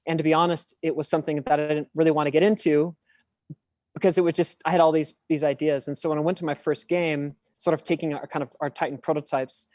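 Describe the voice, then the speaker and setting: A man's voice: a little high, little pitch movement, fast talker, darkish tone, no room sound, studio quality. A man, a podcast guest talking in a chatty, self-deprecating way. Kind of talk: casual podcast interview.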